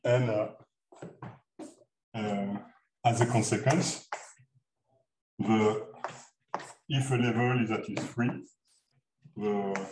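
Halting male lecturer, distant mic, noisy echoey room. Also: on the low side, steady tone. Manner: halting, many fillers and restarts. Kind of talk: math seminar lecture.

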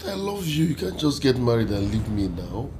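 Palace cook, Nigerian accent, gravelly, pleading, lovesick. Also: male voice, medium pitch, big pitch swings, normal speed, noisy background. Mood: distraught. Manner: pleading, repeats himself in distress. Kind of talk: film drama acting.

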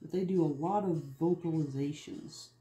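A man's voice: fairly high pitch, moderate pace, warm tone. A man hosting an art video, chatting casually and rambling from one topic to the next. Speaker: art channel host. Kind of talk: casual chat while making art. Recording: roomy echo, faint music behind.

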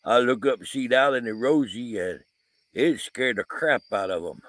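A man's voice: mid-range voice, normal speed, a bit bright, no room sound. A man telling a rambling, folksy story in a casual vlog, full of fillers, outdoors at night by a camper van. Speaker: vlogger, paranormal investigator. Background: crickets and insects.

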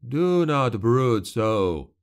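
A man voicing a calm, sinister male shadow creature for an audiobook, hissing and slow. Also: mid-range voice, clean tone. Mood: cold menace.

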